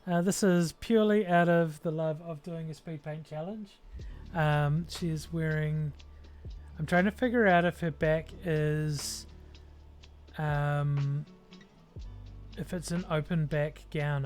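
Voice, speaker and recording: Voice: mid-range voice, slow, a little mellow, faint music behind. A streamer with a New Zealand accent, chatting casually and thinking aloud with lots of ums while painting miniatures. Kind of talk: casual livestream chat while working.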